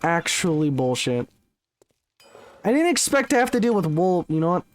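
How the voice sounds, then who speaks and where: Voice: medium pitch, sing-song, normal speed, slight background noise. A gaming streamer giving let's-play commentary, swearing often and ranting in exasperation.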